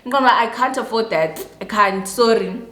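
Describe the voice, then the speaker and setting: Young South African woman, lively storytime vlogger, middle-pitched voice, roomy echo. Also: normal speed, slight background noise. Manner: animated storyteller, acts out quoted voices and mixes in local words. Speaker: YouTuber telling a story. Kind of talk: storytime vlog. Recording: echoey room.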